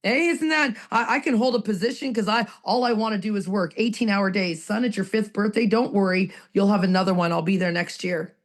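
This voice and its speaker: A woman's voice: medium pitch, brisk, few pauses. A Canadian-born woman in a recovery roundtable, sharing her story in a raw, emotional, rambling way. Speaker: recovery group participant.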